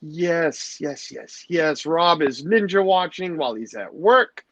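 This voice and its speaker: A middle-aged man hosting a live stream with a fairly high, lively voice that swings up and down as he rambles and jokes. The sound is dry and close. It is also a little dull and lo-fi. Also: slow, dry recording. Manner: rambling, joking, chatty. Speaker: livestream host. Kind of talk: casual chat with a live audience.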